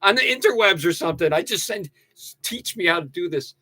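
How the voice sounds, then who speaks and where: An older man hosting a casual livestream, ranting and joking with sudden loud outbursts. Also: high voice, animated, a little fast, no room sound. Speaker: livestream host. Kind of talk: casual livestream rant and sign-off.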